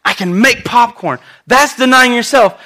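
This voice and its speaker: A man delivers a sermon in church with a high voice and a lively, chatty way of preaching. His tone is bright and forward, and he often turns to the congregation with direct asides. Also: moderate pace. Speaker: pastor.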